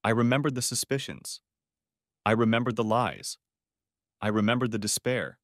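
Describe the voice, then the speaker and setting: A man's voice: medium pitch, moderate pace, dry recording, clean studio sound, lightly acted. A man voicing a betrayed husband who speaks in a weary, bitter and self-mocking way in an audiobook. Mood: bitter recounting. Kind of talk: audiobook character voice.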